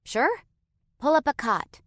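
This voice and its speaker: A woman's voice: high voice, big pitch swings, slow, fairly bright tone, dry recording, studio quality, voice pushed up, exaggerated voice. A woman voicing a kind, easygoing young woman from Canada who is the narrator's friend. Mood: welcoming.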